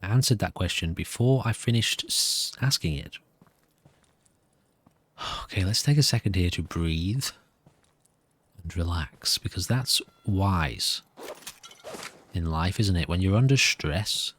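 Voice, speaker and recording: A man's voice: deep voice, slow pace, pauses often, no room sound. A nervous man giving rambling, self-amused commentary while playing a video game. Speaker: gameplay commentator.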